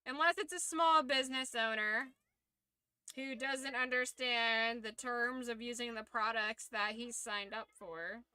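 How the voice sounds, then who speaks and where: A young woman streamer in casual chat, telling a story in a lively, profane way. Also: fairly high pitch, a little slow, clear, resonant tone, no echo.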